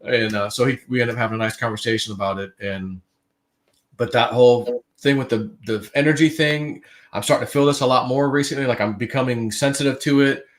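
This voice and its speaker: A man's voice: mid-range voice, fairly even intonation, brisk. A man on a livestream telling a long dream story in a casual, rambling way, full of fillers and restarts. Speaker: guest.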